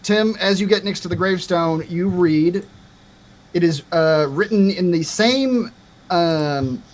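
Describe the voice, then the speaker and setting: A man's voice: high voice, slow. A man running a tabletop game as game master, narrating with frequent hesitations.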